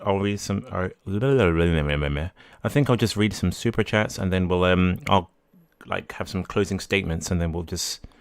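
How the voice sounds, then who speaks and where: A man hosting a live-streamed podcast, reading out viewer messages and talking through them off the cuff. His voice sits low and sounds smooth and clean. It is recorded close and dry, and he often trails off, restarts and corrects himself. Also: fairly bright tone, no echo. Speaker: livestream podcast host.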